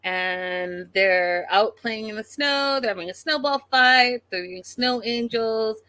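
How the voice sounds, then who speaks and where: A woman's voice: a little high, slow, bright, forceful tone, no echo. A woman hosting a casual live recap show, chatting and reading viewer comments with exasperation. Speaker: podcast host recapping a reality show.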